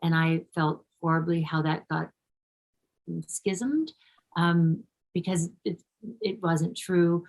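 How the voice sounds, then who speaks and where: A woman's voice: on the low side, steady tone, slow, long pauses, poor audio. A middle-aged actress being interviewed, talking effusively and casually, often restarting her sentences.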